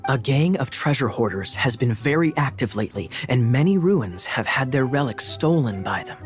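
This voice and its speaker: An actor voicing a young game character who tells grand, secretive tales with earnest drama. His voice sits at a medium pitch, and faint game music plays behind him. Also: animated, normal speed, close to an everyday voice. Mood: storytelling. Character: boastful young male pirate's grandson with an eye patch. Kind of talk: game dialogue.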